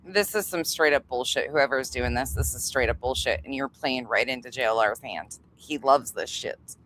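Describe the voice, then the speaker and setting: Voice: mid-range voice, moderate pace, fairly bright tone, a little hiss or hum. A channel host giving blunt, exasperated commentary while reacting to a clip, swearing freely.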